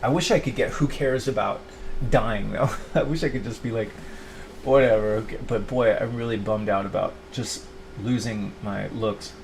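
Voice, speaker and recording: Speaking to camera for his channel, a middle-aged man rambles confessionally, stuffing his talk with "like," restarting often, and quoting his former self in mock voices. His voice is fairly low with vocal fry at normal speed, and there's slight background noise.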